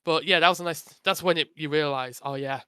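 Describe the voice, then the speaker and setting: A man's voice: fairly high pitch, fast, bright, forceful tone, smooth. A man chatting as a guest on a podcast, talking eagerly as a fan. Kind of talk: casual podcast chat.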